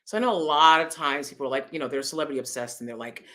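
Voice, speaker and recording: A woman hosting her own vlog, talking through celebrity news in a chatty, expressive way and laughing often. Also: low voice, rapid-fire. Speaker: vlogger host. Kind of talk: casual opinion commentary.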